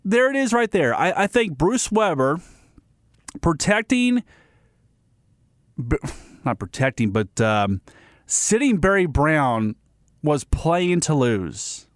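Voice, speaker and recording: A man's voice: a little high, very animated, takes it slowly, pauses often, no echo, studio quality. Blunt ranting male sports host. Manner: blunt, ranting, repeats himself, many restarts. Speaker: sports radio segment host. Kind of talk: opinionated sports commentary.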